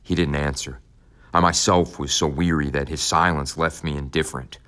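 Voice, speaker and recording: A man with an extremely deep voice reads a first-person audiobook. His telling is measured and somber, unhurried and steady. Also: smooth. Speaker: audiobook narrator. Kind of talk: scripted audiobook narration.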